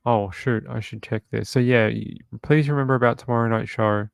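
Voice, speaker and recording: A man's voice: medium pitch, steady tone, fairly quick, vocal fry, hardly any pauses, clear, resonant tone, dry recording. A man hosting a true crime livestream from home, chatting casually and reading viewer comments aloud.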